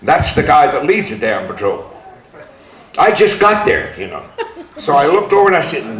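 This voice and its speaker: An older man with a gravelly, rough-edged voice tells stories in a blunt, profane, laughing manner. He speaks as an activist addressing a reunion audience. The recording is echoey, as in a large hall. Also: medium pitch, very animated, normal speed, a crowd in the background. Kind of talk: storytelling speech.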